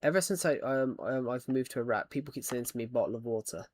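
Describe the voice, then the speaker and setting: A man's voice: mid-range voice, quick pace, no room sound. Rambling man chatting casually. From United Kingdom. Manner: rambling, many false starts and restarts. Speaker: Minecraft streamer. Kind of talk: casual chat while gaming.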